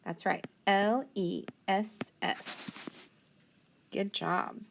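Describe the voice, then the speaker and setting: A woman's voice: medium pitch, steady tone, very slow, vocal fry, a little hiss or hum. A woman teaching a phonics and spelling lesson, patiently sounding out letters and praising each answer.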